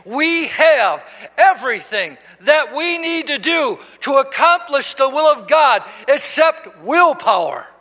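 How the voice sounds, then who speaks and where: Pastor in his 60s, high bright tenor, slow deliberate preaching, long church reverb. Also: big pitch swings. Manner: preaching, swelling to shouts with call and response. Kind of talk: sermon. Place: church sanctuary.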